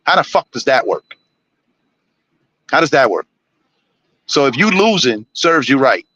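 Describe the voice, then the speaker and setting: Blunt, forceful man ranting on a stream. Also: mid-range voice, very animated, measured pace, dry recording, dull audio. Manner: blunt, preachy, swears constantly. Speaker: live streamer. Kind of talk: profane ranting monologue.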